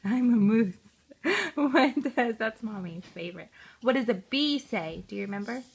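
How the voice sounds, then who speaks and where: A woman's voice: a little high, very animated, moderate pace, vocal fry, slightly rough. A mother in a home video, playfully and patiently asking her toddler what animals say.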